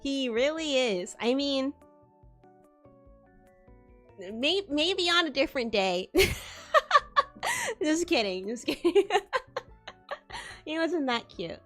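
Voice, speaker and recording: A young woman streaming, telling a story in casual chat with lively delivery, frequent laughter and swearing. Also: sits high, very slow, long pauses, soft background music. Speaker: VTuber streamer.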